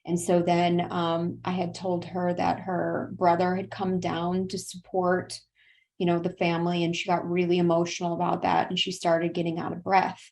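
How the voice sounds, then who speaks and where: A woman's voice: fairly low pitch, completely flat delivery, normal speed, vocal fry, a little mellow. A woman in her thirties from South Carolina, a podcast guest telling an earnest, tearful personal story. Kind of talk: personal conversation.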